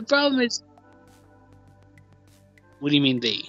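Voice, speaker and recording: A man's voice: mid-range voice, wildly swooping pitch, a little slow, long pauses, sharp tone, soft background music. A man chatting casually on a live stream, swearing now and then and talking back to a co-host he can't hear. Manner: chatty, swears, laughs, talks to a co-host off mic.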